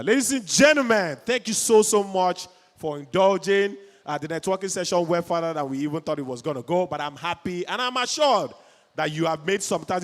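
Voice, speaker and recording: A Nigerian man with a high voice co-hosts a live event and keeps pushing the audience for energy. His voice carries through a large hall with a long reverb. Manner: energetic, hyping the crowd. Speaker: event co-host.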